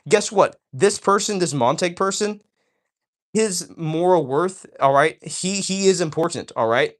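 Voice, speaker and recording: A man's voice: sits high, measured pace. Enthusiastic preachy man, streamer. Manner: enthusiastic and preachy, addressing viewers directly; keeps asking "all right?". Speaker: livestream host. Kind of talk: casual livestream chat, reading chat aloud.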